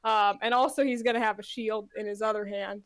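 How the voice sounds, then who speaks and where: A woman's voice: medium pitch, steady tone, a little fast, dry recording. A woman playing a tabletop game, flustered and apologetic. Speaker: player. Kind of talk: casual tabletop game play.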